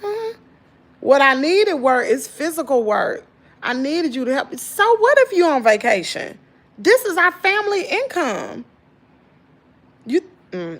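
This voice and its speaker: A tired woman in her thirties with a Southern US accent, venting in casual chat to her viewers, swinging from loud exclaims to low muttering. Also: very animated, unhurried. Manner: folksy slangy talk, addresses viewers as y'all. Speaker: channel host.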